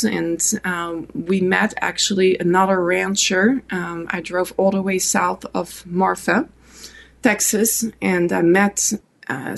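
A woman's voice: mid-range voice, gravelly. A woman from France with a French accent, an interview guest telling a long story with many fillers and restarts. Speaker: podcast guest.

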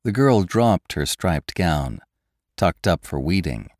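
Rich, dark male voice reading a classic tale aloud, with wide, lively swings of pitch. He tells it at a measured, deliberate pace. The sound is close and dry. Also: dry recording. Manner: expressive, measured storytelling. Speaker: podcast narrator. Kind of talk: scripted narration of a classic tale.

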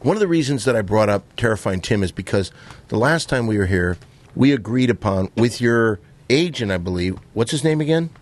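A man's voice: fairly low pitch, expressive, fairly quick. A man hosting a comedy podcast, bossy and exasperated in bickering banter.

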